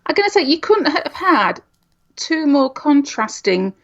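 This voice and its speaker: A woman's voice: high-pitched, big pitch swings, measured pace. Woman podcast co-host, teasing and chatty, slightly muffled lo-fi audio. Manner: teasing, chatty prompting questions. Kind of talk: casual chat.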